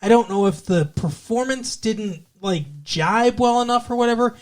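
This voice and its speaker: A man's voice: extremely high pitch, normal speed, a little mellow. Man rambling through a TV recap. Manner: rambling, with many restarts and acted-out quotes. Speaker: podcast co-host. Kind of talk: casual chat recapping a TV episode.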